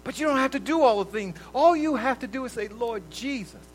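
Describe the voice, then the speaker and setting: High-voiced man preaching a lively sermon. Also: brisk, a little hiss or hum, poor audio. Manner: lively, conversational preaching with sudden loud outbursts and soft drops. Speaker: lay preacher. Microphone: livestream recording.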